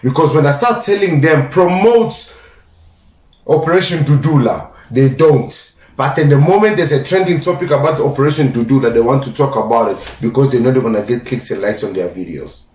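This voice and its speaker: A man's voice: mid-range voice, a little fast, few pauses, a little mellow. A young adult man hosting his own podcast, talking in an emphatic, lecturing way that repeats his points. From South Africa. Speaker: podcast host. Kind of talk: casual opinion podcast monologue. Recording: roomy sound from a distance.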